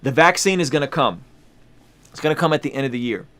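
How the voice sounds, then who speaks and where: A man's voice: mid-range voice, expressive, fast talker, a bit bright. A man hosting a casual vlog, talking straight to his viewers, emphatic and repeating lines for effect. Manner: addresses viewers directly, conversational slang. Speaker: YouTube host.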